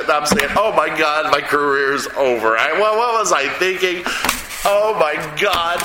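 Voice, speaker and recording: Before a live audience, a man in his sixties who draws comic books shares rambling anecdotes full of restarts and laughter. He has a mid-range voice, and the echoey hall recording has a noisy background.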